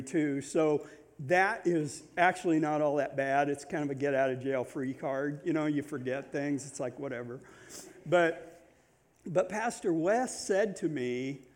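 A man from Nebraska speaking as a guest pastor, telling his story to a congregation in a chatty, self-deprecating way with joking asides. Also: a little high. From Nebraska, USA. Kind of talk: informal sermon opening, personal storytelling. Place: church in front of a congregation.

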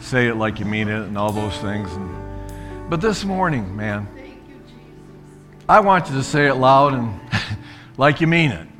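A man's voice: medium pitch, big pitch swings, unhurried, pauses often, a bit bright, soft background music. A man pastor preaching a sermon in a church, fervently urging the congregation to praise. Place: church sanctuary.

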